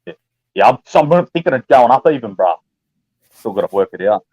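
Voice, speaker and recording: A man chatting casually on a live stream call, relaxed and slangy, often repeating his words. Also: medium pitch, fairly quick, breathy edge, no echo, dull audio. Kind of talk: casual chat.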